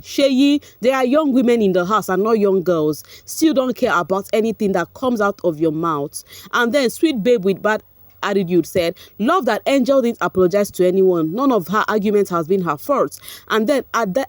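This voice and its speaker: A woman's voice: mid-range voice, animated, normal speed, dry recording, clean studio sound. A young Nigerian woman with a Nigerian accent giving casual, chatty commentary, mixing in Pidgin phrases and laughing often. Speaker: vlogger recapping a reality show.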